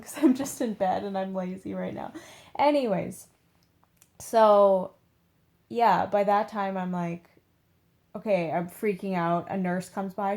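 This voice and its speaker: A woman's voice: mid-range voice, a little mellow. A young woman, chatting casually to the camera from her bed, full of "like" and acted-out quotes. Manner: chatty, heavy use of "like", acts out quotes. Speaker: beauty vlogger. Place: in bed at home.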